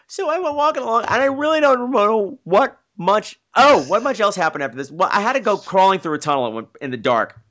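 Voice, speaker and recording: A man hosting a podcast, telling a story excitedly and playfully mocking himself, often acting out what people said. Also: sits high, a little fast, few pauses, muffled recording. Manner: excitable, self-mocking, acts out quotes. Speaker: podcast host. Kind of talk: animated storytelling.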